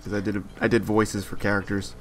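A man's voice: lowish voice, level tone, fast. A man playing a video game as a guest, chatting casually, rambling and joking, with lots of "like" and "you know". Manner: rambling and jokey, many "like" and "you know" fillers. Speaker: guest gamer.

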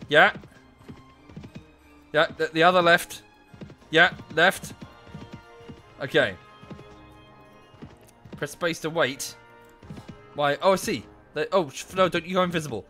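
A man's voice: on the high side, takes it slowly, long pauses, soft background music. A young man commenting on his gameplay, easily exasperated and swearing often. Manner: exasperated, swears a lot, shouts at the game. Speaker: gameplay streamer.

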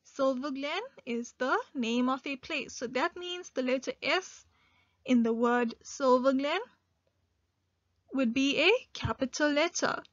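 Slow, high-voiced woman teaching young kids. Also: dry recording. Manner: slow, clear teacherly delivery, stressing key words. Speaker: primary school teacher. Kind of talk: online grade one English lesson. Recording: dull lo-fi dry recording.

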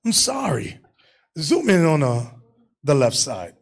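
Man, preaching Bible class teacher, husky, fairly high voice, swooping delivery, emphatic. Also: huge pitch swings, slow. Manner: emphatic preaching, directs readers and staff.

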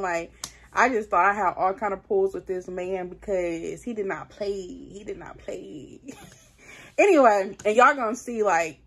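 A woman's voice: medium pitch, fairly bright tone, husky. A woman vlogger telling a storytime in a casual, slangy way, talking straight to her viewers.

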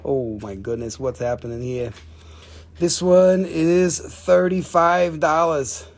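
Husky joking man selling stones live. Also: fairly high pitch, slow. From Appalachian region of the United States. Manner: joking, playful, teasing. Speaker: host selling minerals on a livestream. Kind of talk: casual live sales chat.

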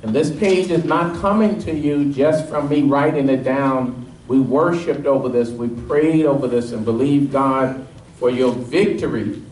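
Emphatic pastor preaching in an echoey church. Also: male voice, unhurried, a little hiss or hum. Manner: call-and-response preaching, quizzing the congregation; energetic and emphatic, rising in pitch as he drives points home. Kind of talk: sermon. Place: church sanctuary. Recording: echoey room, mic at a distance.

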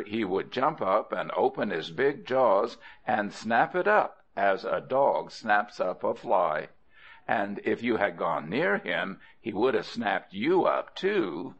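Slow, gravelly male storyteller. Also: on the low side, lo-fi sound. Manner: expressive, addresses the listener. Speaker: audiobook narrator. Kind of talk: storybook narration.

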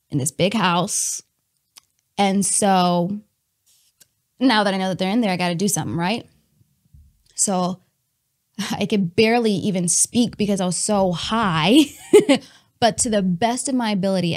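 A woman telling a personal testimony in a candid, animated way, talking to her listeners as y'all and laughing between lines. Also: medium pitch. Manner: chatty with many fillers and laughs.

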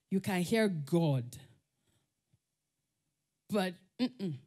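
Animated Nigerian woman telling stories on stage. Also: mid-range voice, unhurried, long pauses. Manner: animated, laughs often, acts out quoted voices. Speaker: conference speaker. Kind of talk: conference talk with personal stories. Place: summit stage.

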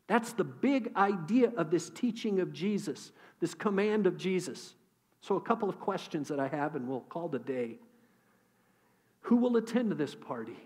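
A middle-aged man preaching a sermon as pastor, candid and conversational, swinging between hushed asides and emphatic calls. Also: high voice, lively intonation, moderate pace. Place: church.

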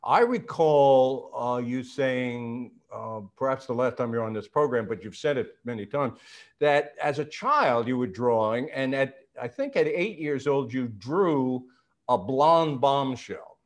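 A man hosting a talk show, asking thoughtful questions in a halting way. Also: medium pitch, expressive.

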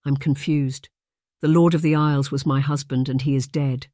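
A woman's voice: extremely low pitch, fairly even intonation, normal speed, dark tone, no room sound, studio quality. A narrator voicing a dignified noble lady who speaks formally, trying to keep her composure. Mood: earnest. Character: noble English lady, composed yet shaken.

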